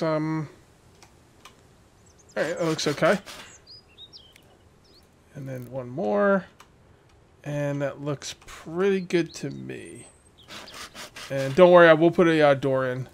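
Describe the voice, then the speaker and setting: Gaming guy at his desk, a bit high-pitched, thinking out loud while he builds, snaps at game characters for fun. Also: slow, gravelly, long pauses, slight background noise. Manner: chatty, self-talking, jokingly scolds game characters. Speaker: gaming channel host. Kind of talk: let's play commentary.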